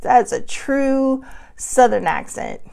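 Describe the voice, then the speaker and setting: A woman's voice: high-pitched, big pitch swings, takes it slowly, gravelly, darkish tone. A middle-aged woman hosting a casual self-help vlog from her desk at home, talking candidly and rambling with many fillers. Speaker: host.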